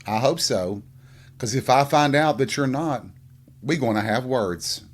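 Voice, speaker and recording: A man's voice: medium pitch, unhurried. A man hosting a casual solo podcast, telling stories in a sassy, blunt, profane way. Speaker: podcast host.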